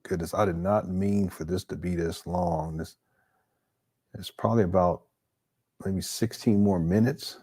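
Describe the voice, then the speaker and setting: A man's voice: low voice, steady tone, measured pace, mellow, breathy edge. A man hosting a live stream, reacting to a clip with incredulous, exasperated, stammering commentary. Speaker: livestream commentator.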